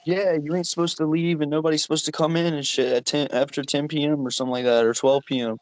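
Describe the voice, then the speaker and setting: A man's voice: on the high side, flat delivery, fast talker, a little mellow, no echo. A young man co-hosting a podcast, telling a rambling, profane work story with lots of laughing. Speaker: podcast co-host. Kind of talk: casual storytelling chat.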